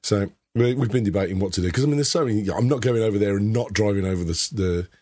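A hoarse man hosting a casual podcast panel, chatty and self-mocking. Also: on the low side, fast, dark tone, dry recording, clean studio sound. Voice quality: husky. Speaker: podcast host.

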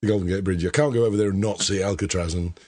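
A hoarse man hosting a casual podcast panel, chatty and self-mocking. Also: low-pitched, racing, darkish tone, no room sound, clean studio sound. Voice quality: husky. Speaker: podcast host.

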